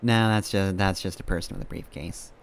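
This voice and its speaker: A man's voice: deep voice, fairly even intonation, brisk, smooth. A man streaming a game, giving rambling, casual commentary, often correcting himself and chuckling.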